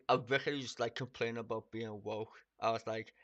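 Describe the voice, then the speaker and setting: Guy ranting on his stream, swears a ton, bright voice, dead dry mic. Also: medium pitch, a little fast, dry recording, muffled recording. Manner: swears a lot, laughs, animated and mocking. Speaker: live streamer. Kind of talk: casual political rant on a live stream.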